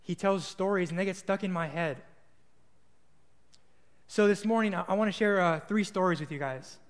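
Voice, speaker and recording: A man's voice: sits high, normal speed, long reverb tail. A young man preaching a sermon, telling stories in a casual, earnest way with small restarts. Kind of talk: sermon with storytelling.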